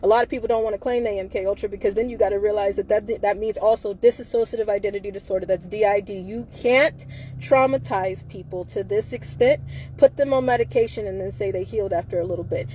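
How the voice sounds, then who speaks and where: A woman's voice: medium pitch, fast talker, dark tone, slight background noise. A woman speaking in a live video, talking fervently and firing off repeated rhetorical questions. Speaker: livestreamer. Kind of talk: impassioned live video monologue.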